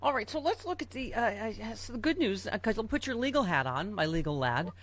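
A woman's voice: mid-range voice, sing-song, brisk. A woman hosting a news talk show, reading headlines aloud and adding sarcastic asides with frequent fillers.

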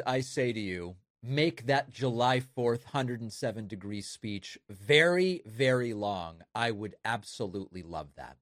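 A man's voice: fairly low pitch, animated, unhurried, hardly any pauses, a bit bright. A man hosts a political commentary show, tossing wry, sarcastic asides between clips. His voice sounds dry and close, with no room echo.

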